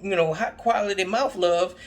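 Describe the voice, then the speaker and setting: Animated man telling a profane story. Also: moderate pace. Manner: animated, acts out quotes with sudden high-pitched outbursts; frequent stammered repeats. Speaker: vlogger. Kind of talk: casual profane storytelling monologue.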